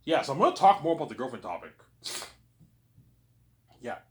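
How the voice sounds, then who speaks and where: A man talks to camera in a loose, rambling monologue, circling back on himself and repeating the same words. His pitch swings up and down a lot. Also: sing-song, a little fast, roomy sound. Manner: rambling, repeats himself, keeps saying "obviously". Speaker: vlogger.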